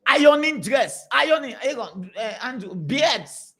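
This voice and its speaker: Guy preaching, bright voice, keeps repeating himself, all over the place pitch-wise. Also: normal speed. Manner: animated, repetitive, storytelling. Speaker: pastor. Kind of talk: preaching to a congregation.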